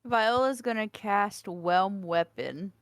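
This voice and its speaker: A woman playing a tabletop game, calmly declaring her moves. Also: medium pitch, slow pace, smooth, no echo. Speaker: player. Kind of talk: casual game chat.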